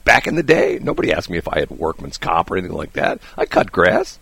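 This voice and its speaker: Animated male radio host, lively. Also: deep voice, fast, gravelly, breathy edge, no echo. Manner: animated storyteller, laughs often. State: slightly hoarse. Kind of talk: casual radio banter. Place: radio studio. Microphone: studio microphone.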